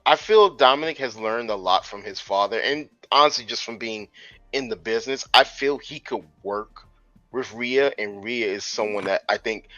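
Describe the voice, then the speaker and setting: A man's voice: lowish voice, normal speed, bright, forceful tone, no echo, dull audio. Man, podcast co-host, wry casual chat, faint music behind.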